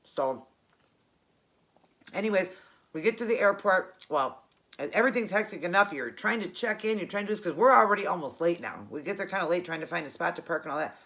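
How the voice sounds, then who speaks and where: A woman's voice: fairly low pitch, animated, fairly quick, fairly bright tone. A woman hosting her own channel, telling a personal story in a chatty, rambling way and correcting herself as she goes. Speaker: cooking channel host.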